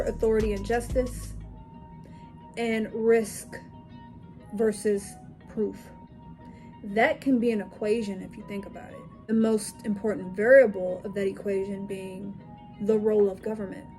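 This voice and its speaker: A woman with a mellow, darker tone lectures in a commentary monologue, firing off rhetorical questions and stacking points into emphatic lists. Soft music plays faintly underneath. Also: medium pitch. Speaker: political commentary vlogger.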